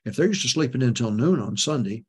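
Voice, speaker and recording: A man's voice: medium pitch, lively intonation, fast, darkish tone, husky. An older man, a pastor, giving folksy, emphatic preaching talk to church leaders, chuckling often.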